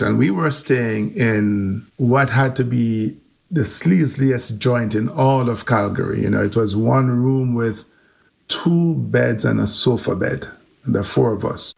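Guy telling a story, gravelly voice, lively, kinda muffled audio. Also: medium pitch, takes it slowly. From Jamaica. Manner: animated, vivid storyteller. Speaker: interview guest. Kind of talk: storytelling interview.

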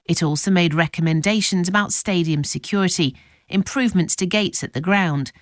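A woman reading scripted news narration in an even, formal tone. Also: lowish voice, a little fast, no echo, studio quality.

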